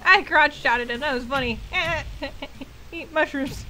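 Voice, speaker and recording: A woman casually commenting while playing a video game, joking, swearing and shouting at enemies. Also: high voice, slow pace, slight background noise, low-quality recording. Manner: playful, swearing, voicing game characters. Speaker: game streamer. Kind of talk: gameplay commentary.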